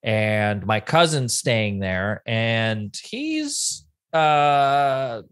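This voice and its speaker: A man's voice: medium pitch, very animated, very slow, a bit bright, clear, resonant tone. A man co-hosting a podcast, retelling a story casually and quoting each person's lines as he goes. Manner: conversational, quotes people in a play-by-play retelling. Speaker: podcast co-host.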